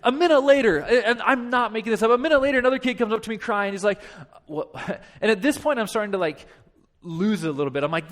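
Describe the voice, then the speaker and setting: Brief: thirties male pastor, high-pitched voice, lively church storyteller. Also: fast talker. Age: 30s. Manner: animated, self-deprecating, frequent restarts. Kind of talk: storytelling sermon.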